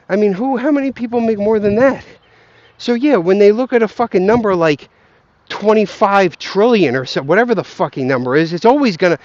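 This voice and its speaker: A man's voice: high-pitched, a little hiss or hum. A young man who is stoned, ranting heatedly and swearing as he rambles on a walk outdoors. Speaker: vlogger ranting about markets. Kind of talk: rambling profane rant while walking. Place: outdoors, walking on grass. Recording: dull lo-fi outdoor recording.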